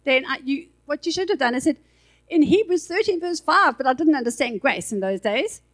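High-voiced woman preaching casually. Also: animated, fairly quick, fairly bright tone, rough recording. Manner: conversational, chatty preaching with asides and filler words. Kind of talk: sermon. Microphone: handheld microphone.

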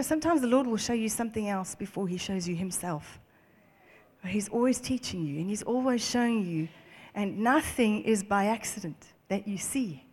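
Animated woman preaching a sermon. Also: a little high, in a large hall. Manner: animated, laughs often, repeats phrases for emphasis; reads scripture aloud and comments on it.

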